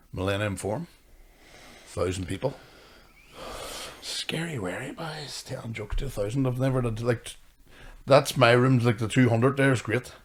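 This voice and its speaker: A man's voice: mid-range voice, a little hiss or hum. A man, a comedian hosting a podcast, chatting casually, swearing often and teasing his co-host. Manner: sweary, teasing, mimics others. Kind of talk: casual banter.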